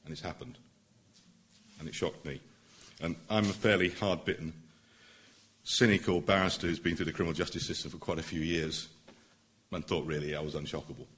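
A middle-aged man, a barrister, addressing a public meeting in an earnest, emphatic way that builds to forceful points. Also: very deep voice, steady tone, a little fast, pauses often, slight background noise. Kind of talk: public speech.

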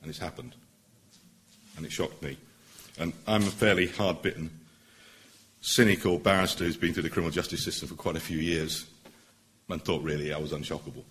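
A middle-aged man, a barrister, giving an earnest, persuasive public speech at a meeting, pausing for emphasis. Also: rumbling low, steady tone, fairly bright tone, slight background noise.

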